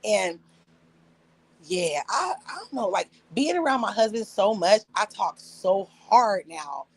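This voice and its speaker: A woman's voice: medium pitch, takes it slowly, slightly rough, no echo, poor audio. Profane, laughing woman in her forties. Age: 40s. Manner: animated storytelling, acting out quotes in other voices; blunt, profane, laughing often. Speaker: live streamer. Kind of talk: casual chat on a livestream.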